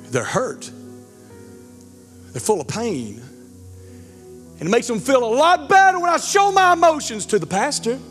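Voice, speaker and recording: A man, preaching a sermon as pastor, animated and joking, stumbling over words. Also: sits high. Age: 40s. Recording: church hall reverb with faint music.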